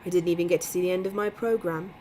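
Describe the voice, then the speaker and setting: A woman voicing a dry, wry young English man, spoken a bit lower and quieter. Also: fairly even intonation, fast, a little hiss or hum, close to an everyday voice, poor audio.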